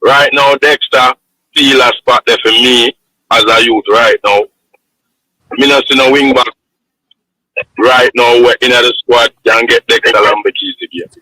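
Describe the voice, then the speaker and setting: Bright-voiced Jamaican caller. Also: male voice, mid-range voice, steady tone, measured pace, pauses often, no echo, low-quality recording. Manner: earnest, repeats points, says you understand. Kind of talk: football analysis on a call-in show.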